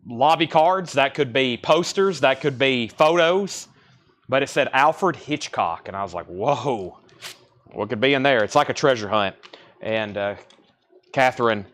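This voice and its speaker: Brisk man auctioning records live. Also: on the high side, a bit bright. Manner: brisk, chatty, rattles off prices and bids. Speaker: live sale host.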